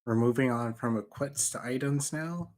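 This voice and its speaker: A man, a fellow modder, explaining technical problems in casual livestream chat, halting and hesitant. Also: mid-range voice, a little mellow.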